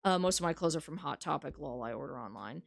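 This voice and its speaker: A woman's voice: deep voice, expressive, quick pace, gravelly. A woman streaming a dating game, reading its text aloud and chatting casually with viewers, frank and swearing freely.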